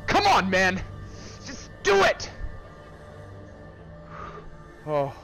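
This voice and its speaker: A young man narrates his own fright as he plays, talking to himself and yelping when startled. His voice swoops up and down in a lively way, and it sits a touch high for a man. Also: drawn-out words, faint music behind. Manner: jumpy, exclaiming, nervous laughs, talks to himself. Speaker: friend trying a VR game. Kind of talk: live reactions while playing a horror game. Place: friend's home.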